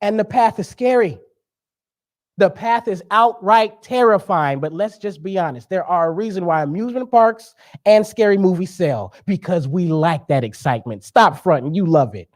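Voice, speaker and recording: A man's voice: high-pitched, lively intonation, moderate pace. A young man giving a sermon as a guest speaker, conversational and joking, with emphatic preaching.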